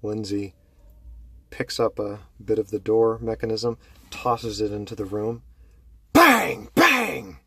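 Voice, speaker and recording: A man telling a horror story slowly and dramatically, dropping low and hushed to build tension. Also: little pitch movement, no echo.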